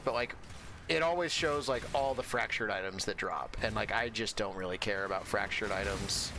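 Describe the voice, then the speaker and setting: A man talking casually as he plays, wandering from point to point with lots of "like" and "um". His pitch sits in the middle of the range for men. Steady noise runs behind his voice. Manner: rambling, many fillers and restarts. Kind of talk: casual chat while gaming.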